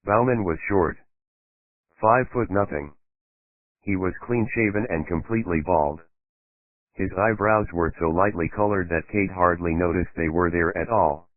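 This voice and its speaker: A man reads a crime novel aloud at a steady, even pace. His voice is very low, and it comes across dry and narrow, like it is heard over a phone line. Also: a little slow, dry recording. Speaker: audiobook narrator. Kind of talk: scripted narration. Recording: tinny phone-like dry sound.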